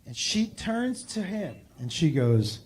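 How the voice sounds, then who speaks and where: A male stand-up comedian telling a story to a live audience on a club stage, animated, dropping to quiet asides and rising to loud punchlines. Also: on the high side, takes it slowly.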